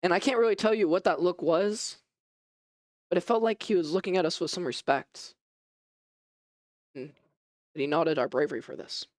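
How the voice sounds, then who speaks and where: A man preaching a first-person dramatic sermon as an animated storyteller whose voice rises and falls. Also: high-pitched, moderate pace, pauses often, dry recording, clean studio sound. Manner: animated storytelling, voice rising and falling.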